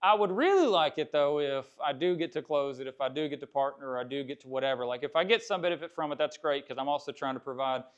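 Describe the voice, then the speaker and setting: A man's voice: a little high, fast talker, few pauses, clean tone. A man teaching a real estate investing class in a live seminar, talking candidly and conversationally and often repeating himself. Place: classroom with cameras. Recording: dull lo-fi sound.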